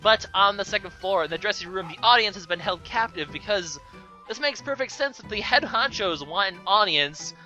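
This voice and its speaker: A man's voice: sits high, lively intonation, normal speed, pushed and bright, soft background music. A young man casually commenting over gameplay, rambling with sarcastic asides and plenty of fillers. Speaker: let's play commentator.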